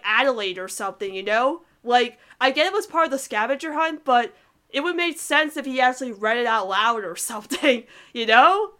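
Bright, giggly young woman gushing. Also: high voice. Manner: excited, gushing, laughs often, many "like" fillers. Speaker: co-host reviewing cartoon episodes. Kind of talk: casual chat.

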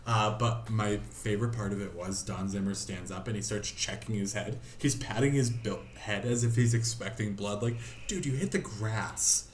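Low-voiced joking podcast co-host. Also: male voice, normal speed, hardly any pauses, echoey room, a little hiss or hum. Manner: joking, laughing recap. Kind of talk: casual chat.

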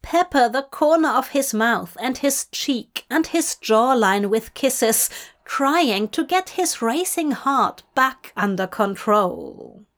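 Slow, intimate woman narrator. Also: on the high side. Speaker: fanfic reader. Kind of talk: scripted audiobook narration.

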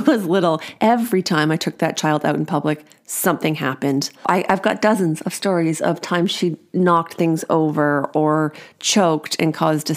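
A woman in her forties hosting a podcast, reading a funny personal parenting story aloud with chatty, wry asides and laughing at her own jokes. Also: deep voice.

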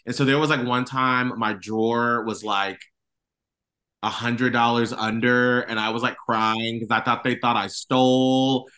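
Bright-voiced chatty man. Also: mid-range voice, measured pace. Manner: animated, self-mocking storyteller. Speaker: radio host guest. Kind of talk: casual interview chat.

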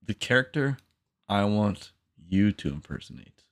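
A man co-hosting a podcast chats and tells stories in an animated, playful way. His voice sits fairly low but swings widely in pitch. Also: measured pace. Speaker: podcast co-host. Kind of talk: casual chat and storytelling.

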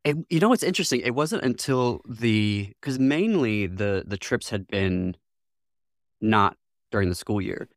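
An animated man with a lowish voice speaks unhurriedly as a guest in a reflective interview. He's from Northwest Lower Michigan, US, thoughtful, often laughing and acting out quoted voices. The recording is dry, with clean studio sound.

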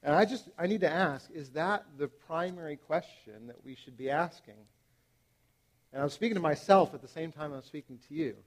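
A man in his thirties preaching to parents, animated and emphatic, with frequent fillers and restarts. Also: a little high, moderate pace. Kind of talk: sermon to parents.

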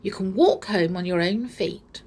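A woman's voice: mid-range voice, unhurried, a little mellow, husky. A woman voicing a fussy, proud male teddy bear in a storybook reading, talking in a huffy, indignant way.

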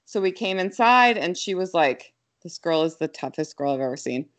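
A young adult woman casually telling a story, quick and animated, full of fillers. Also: fairly low pitch.

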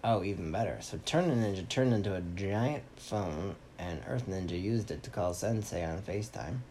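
A man telling an improvised story to a child in a playful, animated way, making it up as he goes. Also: sits low, moderate pace, slight background noise.

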